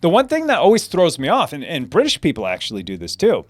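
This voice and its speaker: Lively rambling American man, dry sound. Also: a little high, quick pace, no room sound. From United States. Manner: rambling, lots of restarts and fillers, laughs often. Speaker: host. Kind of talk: live Q&A chat reading viewer comments.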